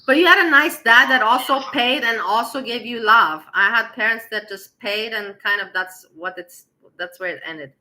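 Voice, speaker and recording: A woman's voice: on the high side, moderate pace, hardly any pauses, pushed and bright, low-quality recording. A woman co-hosting a casual chat, telling stories and cursing freely. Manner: swearing, storytelling with acted quotes. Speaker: co-host.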